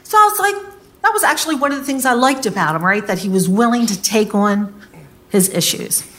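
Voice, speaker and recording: A woman telling a personal story to an audience, candid and animated, acting out what others said and swearing casually. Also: mid-range voice, a little fast, slight background noise. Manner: candid, animated retelling with quoted voices.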